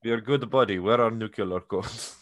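Man doing a low-voiced fake-Russian spy, bumbling and goofy, broken English, comic bit. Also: normal speed, dry recording, clean studio sound, close to an everyday voice. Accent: put-on Russian.

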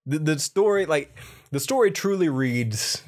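A man's voice: on the high side, expressive, a little slow. Laid-back man reading a ghost tale. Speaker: podcast co-host. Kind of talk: casual chat and reading a tale aloud.

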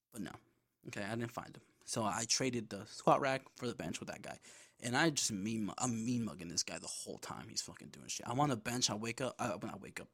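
A young man tells a story on his podcast in a casual, animated way and swears freely. His voice sits at an ordinary middle pitch and jumps up when he gets worked up. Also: gravelly. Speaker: podcast host.

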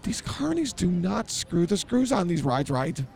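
A man's voice: high-pitched, sing-song, unhurried, creaky, darkish tone. A man hosting a comedy podcast who blurts things out and mocks himself in improvised banter. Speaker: podcast host.

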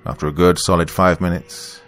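A man narrating a first-person story in a calm, measured, reflective way. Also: low voice, soft background music.

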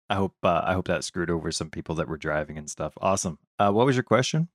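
A man's voice: deep voice, animated, fast, hardly any pauses, no room sound. A man co-hosting a casual podcast, goofy and teasing, close to the mic. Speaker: podcast co-host.

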